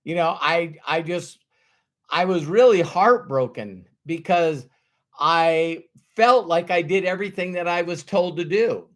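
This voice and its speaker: A North Dakota man with a slightly high voice speaks at a measured pace while hosting a casual live stream as a motivational speaker. He greets viewers by name and earnestly, emotionally repeats his key lines.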